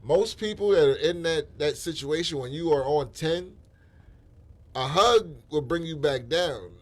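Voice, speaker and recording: A man's voice: fairly high pitch, unhurried. A man hosting a casual podcast chat, talking bluntly and profanely and telling stories with animation. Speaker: podcast host.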